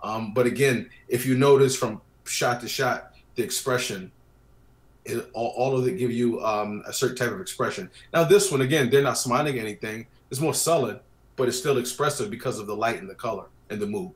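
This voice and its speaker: A man's voice: medium pitch, brisk. A man talking casually as a guest about wedding photography, telling stories and acting out his clients' lines. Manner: chatty storyteller, acts out clients' lines. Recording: roomy echo.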